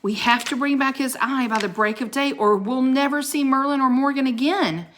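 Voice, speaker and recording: A woman reading a storybook aloud, voicing a brave young boy who shouts to protect his sister. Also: high voice, normal speed, a little hiss or hum, pitched above the performer's own voice. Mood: urgent. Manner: loud urgent shouts.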